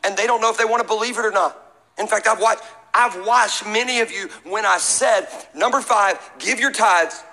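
A middle-aged man preaching a sermon in a high, bright voice. He mixes scripture reading with jokes and calls for the congregation to answer back. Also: moderate pace, rough recording. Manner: preaching with humor and call-and-response. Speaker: pastor.

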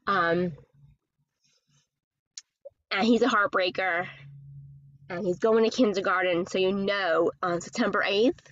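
A woman hosting her own podcast, chatting casually and rambling from topic to topic, gushing when she gets excited. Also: mid-range voice, unhurried, pauses often, no echo, muffled recording. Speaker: podcast host. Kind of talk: casual solo chat.

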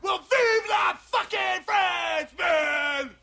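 A screaming coked-up gangster. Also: male voice, very high voice, extremely slow, gravelly, pushed and bright, shouting, exaggerated voice. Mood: raging. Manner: screaming, swearing, manic taunting. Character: coked-up raging gangster man, unhinged. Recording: film clip with crowd and noise.

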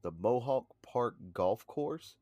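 A man co-hosting a casual podcast, speaking unhurriedly and pausing often with "uh". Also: mid-range voice, animated, dark tone, no room sound, highs cut off. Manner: unhurried, with frequent "uh" pauses. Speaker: podcast co-host.

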